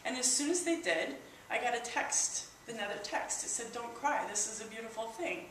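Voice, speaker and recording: A woman sharing a personal testimony at church, in a halting, emotional way with many restarts. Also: a little high, lively intonation, fairly bright tone. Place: church hall. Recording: echoey hall, distant mic, faint hiss.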